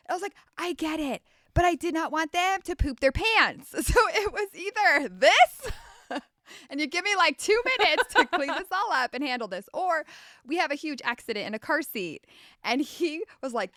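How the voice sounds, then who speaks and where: A woman in her thirties co-hosts a casual chat podcast, telling stories with lively acted-out quotes. Her voice sits high and bright. The recording is dry and close. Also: a little fast, no room sound. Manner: animated storyteller, acts out quotes. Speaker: podcast co-host.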